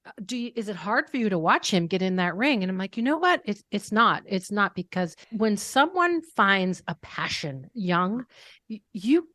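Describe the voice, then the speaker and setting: A middle-aged woman with a Boston accent hosts a podcast in a lively, talkative way. Her voice sits mid-range and is recorded close and dry, with no room sound. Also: medium pitch, normal speed, dry recording. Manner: expressive storyteller, lively and talkative. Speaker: podcast host. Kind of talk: casual chat.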